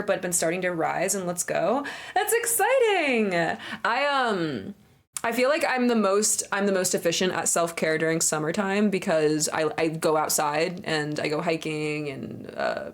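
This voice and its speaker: A woman's voice: on the low side, gravelly. A young woman livestreamer chatting casually with her viewers, crude, joking and playful. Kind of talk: casual stream chat.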